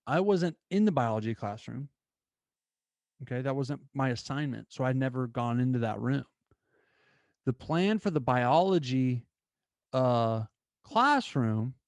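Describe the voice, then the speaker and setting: A young man hosting his own show, telling a story in an animated, casual way with lots of fillers. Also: fairly high pitch, dry recording. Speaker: podcast host.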